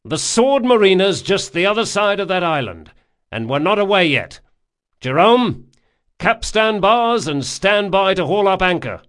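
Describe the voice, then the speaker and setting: A man reading an audiobook, voicing a bold young pirate captain who gives brisk orders to his crew. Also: sits high, very animated, fairly bright tone, pitched above the performer's own voice, full character voice. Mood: defiant. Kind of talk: audiobook character voice.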